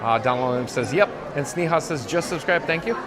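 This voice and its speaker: Music and crowd noise from a busy theme park surround this man as he walks and live streams casually. His high-leaning voice is lively and fairly quick as he reads viewers' comments and thanks them.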